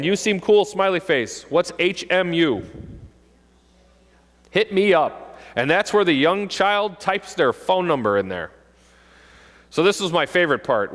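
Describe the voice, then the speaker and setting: A middle-aged man, a police officer, giving an animated talk to parents and acting out kids' voices. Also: mid-range voice. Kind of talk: presentation to an audience. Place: school hall. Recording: long hall reverb.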